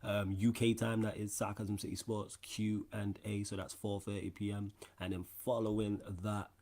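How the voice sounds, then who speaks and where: A man's voice: fairly low pitch, flat delivery, normal speed, darkish tone. A man hosting a casual sports podcast, talking in laid-back slangy banter. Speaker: podcast host. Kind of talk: casual chat.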